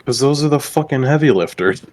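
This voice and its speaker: A man's voice: mid-range voice, lively intonation, brisk, a little mellow. A man playing in a tabletop game, chatting casually and swearing constantly in exasperation. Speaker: player.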